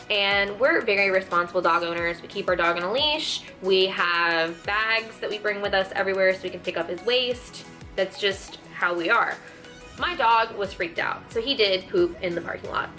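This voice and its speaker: Young woman vlogger, bright and animated, exasperated storytime rant, faint music bed. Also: mid-range voice. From Texas, USA. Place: room at home.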